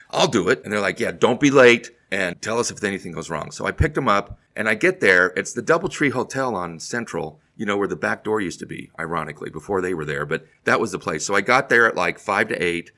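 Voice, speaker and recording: Man, middle-aged, comedian, animated storyteller, bright forceful tone, rapid delivery. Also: deep voice. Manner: animated anecdote teller, acts out quotes. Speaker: comedian guest. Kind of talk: casual storytelling.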